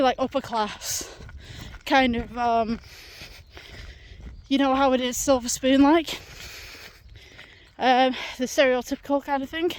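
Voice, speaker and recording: A British woman vlogging outdoors on a countryside path while walking her dog, telling an exasperated, chatty story with lots of fillers. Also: sits high. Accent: British English. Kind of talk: ranting storytime vlog.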